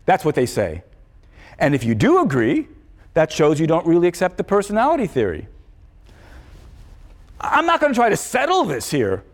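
A man giving a conversational university philosophy lecture, thinking aloud and correcting himself as he goes. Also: sits high. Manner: thoughtful, conversational, self-correcting. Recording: long lecture-hall reverb.

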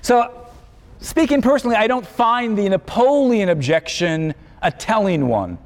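A man's voice: high voice, sing-song, a little slow. A man giving a conversational university philosophy lecture, thinking aloud and correcting himself as he goes. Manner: thoughtful, conversational, self-correcting. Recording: long lecture-hall reverb.

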